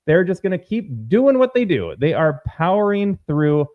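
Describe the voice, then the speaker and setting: A man's voice: high voice, sing-song, moderate pace. Sarcastic man ranting on a tinny line. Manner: combative, sarcastic, mocks opponents in put-on quotes. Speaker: political show host. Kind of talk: opinion commentary. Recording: phone-like narrow sound.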